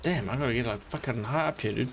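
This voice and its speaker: A man streams a game and gives casual commentary, joking, rambling and swearing often. He talks quickly in a mid-range voice, and there's a little hiss or hum.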